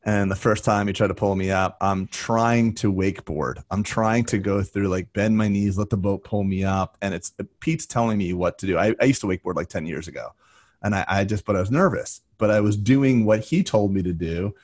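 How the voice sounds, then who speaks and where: A man with a fairly low voice talks through his advice in an easy, encouraging way, leaning on stories to make the point. The sound is dry and close, with no room around it. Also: a little fast, darkish tone, no room sound. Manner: encouraging, storytelling. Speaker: coach. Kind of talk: casual coaching talk.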